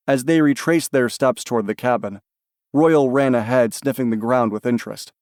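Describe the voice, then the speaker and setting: A calm male audiobook narrator reads scripted narration at a moderate pace. His medium-pitched voice sounds dry, with no echo.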